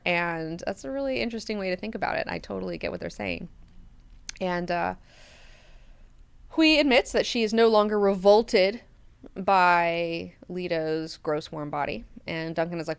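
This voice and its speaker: A woman hosting a book club, recapping chapters in a chatty, animated way with frequent filler words. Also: mid-range voice, moderate pace, clear, resonant tone, dry recording.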